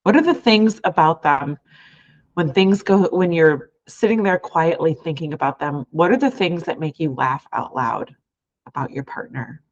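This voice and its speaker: A woman's voice: deep voice, normal speed, highs cut off. A woman hosting a podcast as a life coach, talking earnestly and from the heart in long, flowing sentences. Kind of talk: reflective podcast monologue.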